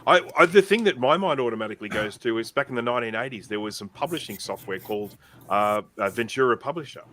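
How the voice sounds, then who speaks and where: An older man with an Australian accent chatting on a tech podcast, measured and hesitant, often repeating words as he thinks. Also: mid-range voice, expressive, fairly bright tone, a little hiss or hum. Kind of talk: casual tech podcast chat.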